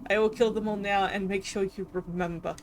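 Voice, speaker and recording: A woman's voice: mid-range voice, steady tone, close to an everyday voice. Woman voicing a gloating tyrant king. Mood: menacing. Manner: slow, taunting, threatening. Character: cruel tyrant king, male, gloating and menacing. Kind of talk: reading a video game aloud with voices.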